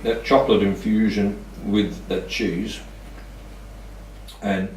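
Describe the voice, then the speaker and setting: A man's voice: fairly low pitch, steady tone, slow pace, a little mellow, a little hiss or hum. A man as a guest on a cooking show, chatting easily and appreciatively as he tastes the food. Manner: easygoing, appreciative, jokey. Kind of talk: casual chat while tasting food. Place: home kitchen. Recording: roomy kitchen, mic at a distance.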